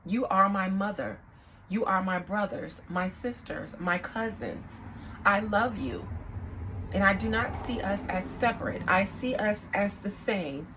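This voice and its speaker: A young woman speaking as a psychic reader in a casual, candid vlog monologue, reflective and quick to swear. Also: mid-range voice, slight background noise, low-quality recording.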